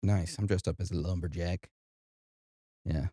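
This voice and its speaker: A man from Brooklyn hosting a podcast, chatting in a relaxed, joking way. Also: sits low, unhurried, no room sound, studio quality. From Brooklyn, New York. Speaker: podcast host. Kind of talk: casual podcast chat.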